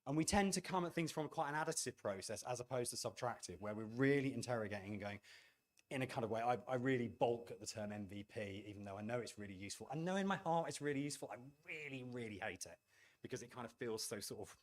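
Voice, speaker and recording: A middle-aged man speaks at a conference with a voice of ordinary middle pitch. He is animated and self-deprecating, and he acts out the remarks he quotes. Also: quick pace. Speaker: game studio leader giving a talk. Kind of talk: conference talk to an audience.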